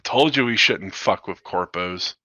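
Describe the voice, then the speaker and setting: A man's voice: unhurried, pushed and bright, no room sound, muffled recording, heavily acted. A man voicing a rattled, foul-mouthed male pirate crewman in a hangar bay during a sci-fi tabletop game. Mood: incredulous. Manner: shrill, swearing, incredulous.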